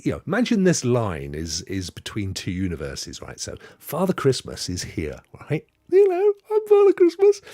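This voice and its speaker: A man's voice: medium pitch, a little mellow, dry recording. A man from Devon, hosting a casual livestream chat and rambling playfully with viewers. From Devon, England. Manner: rambling, playful, spins tall tales. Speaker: host.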